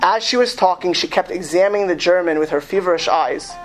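Guy reading a story out loud to a room, slow and heavy, lots of restarts. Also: sits high, soft background music. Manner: reads slowly and with emphasis, with frequent restarts. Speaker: speaker reading a story to an audience. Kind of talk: lecture with read-aloud story.

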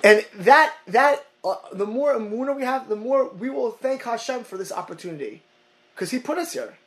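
Gravelly high-pitched man giving a halting Torah class. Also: expressive, fairly bright tone, poor audio. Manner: halting, repeats words, mixes Hebrew and Yiddish terms. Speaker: rabbi teaching a class.

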